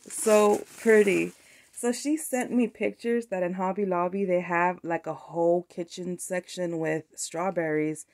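A woman with a slightly low voice gushes over craft mail on her vlog. She is excitable and sometimes teary. Her voice drifts nearer to and farther from the camera mic. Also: slight background noise. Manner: gushing, excitable, tearful at times. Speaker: craft vlogger. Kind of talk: casual unboxing chat.

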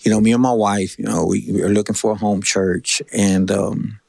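A man's voice: lowish voice, flat delivery, normal speed, vocal fry, darkish tone, no room sound, studio quality. Earnest man from Texas telling his testimony. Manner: earnest storyteller, acts out quoted voices. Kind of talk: conversational testimony.

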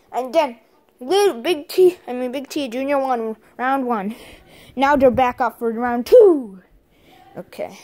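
A female host giving casual commentary on a toy fight, halting and repeating herself as she goes. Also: fairly high pitch, darkish tone. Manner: halting, repeats "and then" often. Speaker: video host.

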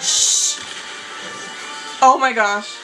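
A woman's voice: on the high side, fairly even intonation, very slow, music in the background. A woman reacting live to a video game showcase, gasping, squealing and talking over the trailers. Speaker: gaming YouTuber reacting to a showcase. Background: game trailer audio playing.

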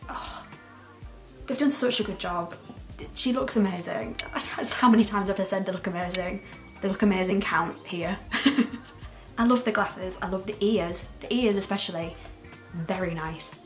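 Woman vlogger, mid-pitched, excitable and emotional, reacting in casual chat with faint music under her. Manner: excitable and gushing, laughs often. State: emotional, close to tears. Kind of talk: casual, unscripted reaction commentary.

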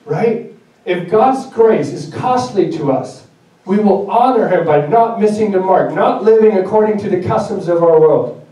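A high-voiced man delivers a sermon in a direct, chatty manner and pokes fun at himself. His tone is dark and mellow. The echoey church hall rings loudly around him, and the mic sits well away. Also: normal speed, far from the mic. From Germany. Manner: direct, conversational, self-joking. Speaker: pastor. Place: church sanctuary.

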